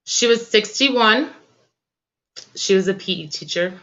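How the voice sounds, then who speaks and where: A woman's voice: medium pitch, a little slow, fairly bright tone, highs cut off. Tearful, impassioned woman host. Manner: impassioned and tearful, colloquial slang. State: crying. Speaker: talk show host. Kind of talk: emotional political commentary.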